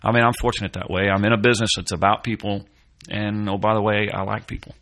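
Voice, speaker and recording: A male guest musician talking in an easygoing, friendly way, often restarting his sentences. His voice sits low and has a gravelly fry. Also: flat delivery, fast talker, a bit bright. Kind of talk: casual conversation.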